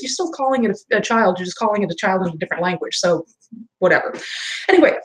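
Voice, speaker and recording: A woman's voice: mid-range voice, fast talker, low-quality recording. A woman streaming live, talking casually but growing impassioned and argumentative, with emphatic outbursts. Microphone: home streaming mic.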